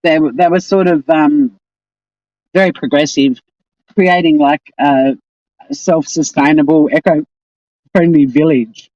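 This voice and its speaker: A woman's voice: deep voice, fairly even intonation, measured pace, long pauses, warm tone, no room sound, dull audio. A woman with an Australian accent, hosting a casual live stream and chatting in a rambling, exasperated way.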